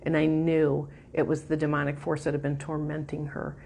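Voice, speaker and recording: Emphatic woman preaching, lowish voice. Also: completely flat delivery, creaky, a little mellow, a little hiss or hum. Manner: emphatic, leads listeners in prayer; uneven pace, quick bursts and slow stresses. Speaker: minister. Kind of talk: sermon teaching.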